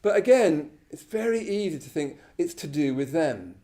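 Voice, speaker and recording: In a Buddhist centre's shrine room, a man from England gives an informal talk to a live class, chatty and self-deprecating, often checking in with "you know" and "yeah?". His voice is fairly high and mellow, with lively intonation at normal speed.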